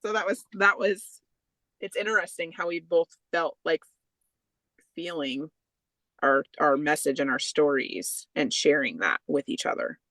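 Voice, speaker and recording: A woman author chatting on a podcast, heartfelt and a little halting, with many fillers. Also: sits low, a bit bright, no room sound, low-quality recording. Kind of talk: casual podcast chat.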